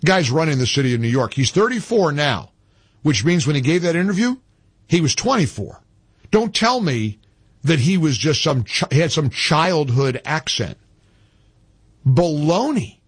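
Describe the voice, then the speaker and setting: A man's voice: on the high side, very animated, moderate pace, breathy edge, dry recording. A man hosting a talk radio show, talking in an emphatic, indignant way and often repeating himself.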